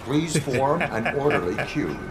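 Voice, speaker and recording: An actor playing a stern male cyborg police officer, talking in a flat, clipped, formal way. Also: medium pitch, unhurried, background noise.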